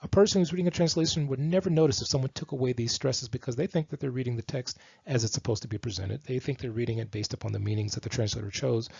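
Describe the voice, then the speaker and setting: Gravelly man lecturing from slides. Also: medium pitch, fast, few pauses, darkish tone, dull audio. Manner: explains with many fillers and restarts. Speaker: teacher of Hebrew texts. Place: lives in Israel.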